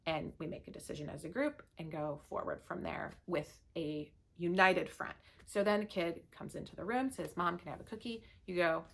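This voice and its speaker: A woman's voice: lowish voice, normal speed, creaky, hardly any pauses. A woman leading a staff training in a casual, conversational way, telling family stories to explain her points. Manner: anecdotal, uses family stories as examples. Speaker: business leader training staff.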